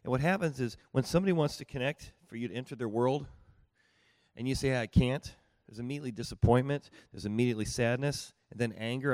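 Fast and medium-pitched with a slightly mellow quality, the voice of this middle-aged pastor comes with no room sound. His teaching on marriage and listening feels like casual, folksy conversation, peppered with rhetorical questions about whether it makes sense.

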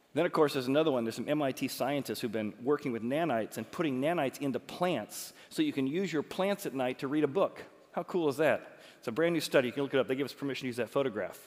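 Animated preacher in an echoing hall. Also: male voice, medium pitch. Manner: animated and joking, quick asides. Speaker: pastor. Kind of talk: sermon. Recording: long reverb of a large hall.

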